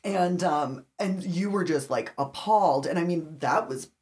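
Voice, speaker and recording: A woman therapist in casual podcast chat, emphatic and animated when telling stories. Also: lowish voice, measured pace, a little hiss or hum. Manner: animated storyteller, emphatic lists. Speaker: therapist, co-host.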